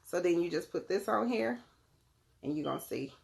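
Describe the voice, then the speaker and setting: Low gravelly-voiced woman live-streaming. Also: expressive, moderate pace, darkish tone. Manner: chatty, talks straight to viewers by name. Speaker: live-stream host selling crystals and readings. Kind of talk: casual live-stream demonstration.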